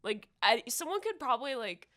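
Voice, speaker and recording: A woman guest with a bright, sharp voice. She talks in a chatty, sing-song way and laughs often. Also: fairly high pitch, sing-song, brisk. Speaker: podcast guest. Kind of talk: casual chat.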